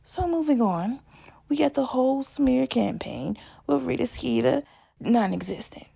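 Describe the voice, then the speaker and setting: A woman with a heavily gravelly, breathy voice and a mellow, dark color. She rants casually, swearing freely and piling up exasperated questions. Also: high voice, animated, unhurried. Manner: profane, exasperated, rhetorical questions. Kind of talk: casual ranting.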